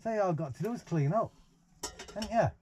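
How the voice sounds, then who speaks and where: A man's voice: high voice, animated, fast talker, warm tone, slight background noise. A man reads a picture book aloud to a baby in a caravan, breaking off for playful, teasing asides. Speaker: parent reading to a baby. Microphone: 360 VR camera.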